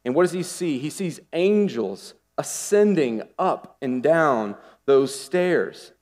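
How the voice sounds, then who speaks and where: Animated preacher in a reverberant hall. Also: male voice, on the high side, slow pace. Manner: animated, conversational preaching with rhetorical questions. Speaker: pastor. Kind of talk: sermon.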